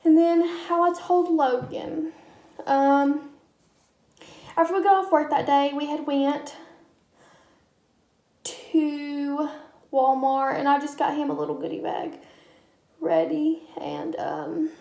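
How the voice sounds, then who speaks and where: A woman's voice: high-pitched, slow pace, gravelly, pauses often, mellow, echoey room. A young woman vlogger chatting casually as she tells a personal story, with lots of ums and quoted dialogue. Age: young adult.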